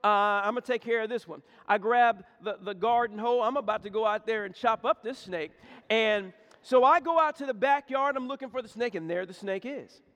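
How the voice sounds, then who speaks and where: A man's voice: very high voice, brisk. A man preaching a sermon, telling a folksy story with lots of repetition and humor. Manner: folksy, animated storytelling, repeats words. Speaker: pastor. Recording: echoey hall.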